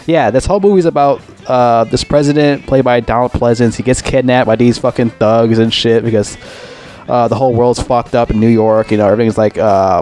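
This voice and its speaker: A man's voice: mid-range voice, a little mellow. A man giving a casual, profane movie review, rambling and complaining in an exasperated way.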